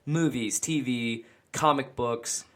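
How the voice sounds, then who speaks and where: A man's voice: mid-range voice, slow, a bit bright. A man hosting a casual podcast with friends, giving upbeat announcer-style intros and laughing often. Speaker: podcast host.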